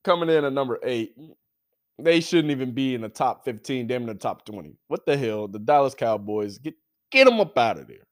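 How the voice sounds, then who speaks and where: A man's voice: medium pitch, a little fast. A young man hosting a sports podcast in casual talk, swearing freely and calling out players and fans directly. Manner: profane, animated, talks straight to players and fans.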